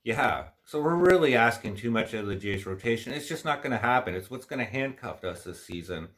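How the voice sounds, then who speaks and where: A man's voice: medium pitch, expressive, a little fast, a bit bright. A man hosting a casual livestream chat, talking in a rambling, opinionated, frustrated way, with a stuffy nose from allergies. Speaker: livestream host.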